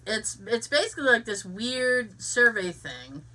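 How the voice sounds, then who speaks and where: A young woman chatting casually on a podcast, telling giggly, animated stories full of restarts. Her voice is very bright, with pitch that rises and falls widely, and she sits a little back from the mic. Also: a little slow, distant mic. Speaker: podcast co-host. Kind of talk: casual chat.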